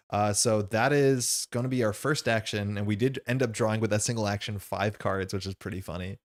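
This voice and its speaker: A man playing a card game on stream, thinking aloud as he explains the rules and his choices in a casual way. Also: medium pitch.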